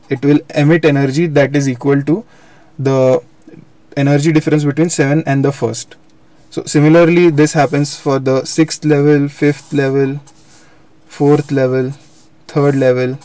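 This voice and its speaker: Guy teaching physics online, kinda high voice, dry mic, explains stuff step by step. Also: a little mellow, dry recording. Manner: explanatory, repeats and self-corrects. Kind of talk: live online lecture.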